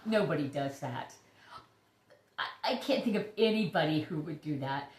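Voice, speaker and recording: A woman hosting a casual vlog about her orchids, chatty and gushing with breathy exclamations. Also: sits low, expressive, moderate pace, darkish tone. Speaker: orchid YouTuber. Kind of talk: casual show-and-tell vlog. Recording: echoey room.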